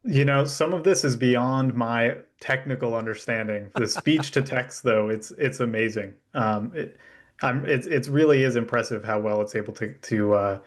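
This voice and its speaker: Male podcast guest, mid pitch, easygoing and explanatory. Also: moderate pace. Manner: relaxed, explanatory, laughs easily. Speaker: guest, company founder. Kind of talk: casual interview chat.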